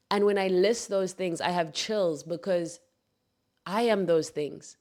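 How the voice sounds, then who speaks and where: A woman's voice: on the low side, unhurried, a little mellow. A woman hosting a reflective spoken monologue, earnest and heartfelt, calling her listeners darlings and loves. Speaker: podcast host.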